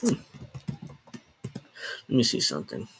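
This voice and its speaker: A man's voice: measured pace, very noisy. Rambling man talking to a live stream. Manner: rambling, self-interrupting, swears and laughs. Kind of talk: casual solo live stream. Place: home, in New Jersey.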